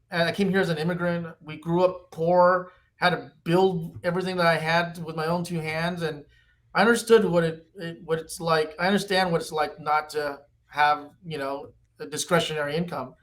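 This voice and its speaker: A man in his fifties, a company executive, talking animatedly as a podcast guest. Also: moderate pace. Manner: animated storyteller, pitchy. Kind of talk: podcast interview.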